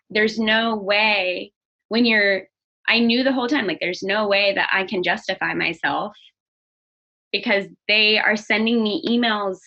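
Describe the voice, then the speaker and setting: Bright earnest young woman, candid interview guest, slightly muffled lo-fi sound. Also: medium pitch. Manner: earnest, open, restarts often. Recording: dull lo-fi audio.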